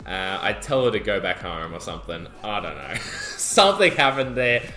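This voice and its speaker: A man's voice: lowish voice, normal speed, soft background music. A young man, co-hosting a podcast and jokily recounting a night out in casual chat. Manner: animated, jokey, swears freely. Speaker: podcast co-host. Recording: echoey room.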